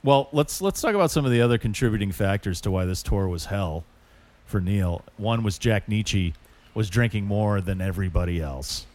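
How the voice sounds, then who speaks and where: A man co-hosting a podcast in casual banter. He jokes and rambles, and his mid-pitched voice rises and falls a lot as he tells stories. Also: normal speed. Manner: joking, rambling, animated. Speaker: podcast co-host. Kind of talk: casual chat.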